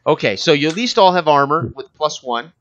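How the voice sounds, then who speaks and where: A man's voice: fairly high pitch, expressive, fairly bright tone. Guy gm narrating a tabletop game, lots of uhs, kinda dull lo-fi audio. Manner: halting, thinks aloud with many fillers. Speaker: game master. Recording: dull lo-fi sound.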